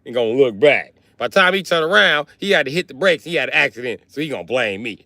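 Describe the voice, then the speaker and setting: A man telling a comic family story on a live stream, full of slang and profanity. His pitch rises and falls with a lively, swinging range. The sound is dry, with no room echo. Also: quick pace, hardly any pauses. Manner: animated, profane, heavy slang.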